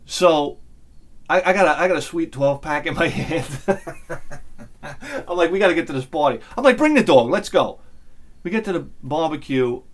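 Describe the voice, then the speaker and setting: A middle-aged man, telling a crude, animated story on his vlog, swinging between loud bursts and muttered asides. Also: on the high side, normal speed. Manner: crude humor. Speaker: vlogger. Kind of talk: casual storytelling.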